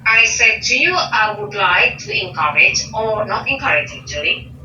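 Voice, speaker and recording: A woman talks slowly and carefully, her voice bright and sharp, stopping often to find the next word. She sounds some way off the microphone in an echoey room. The recording is muffled, with a faint hiss underneath. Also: medium pitch, lively intonation, far from the mic. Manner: hesitant, searching for words, many pauses. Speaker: interview guest. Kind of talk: casual conversation about English learning.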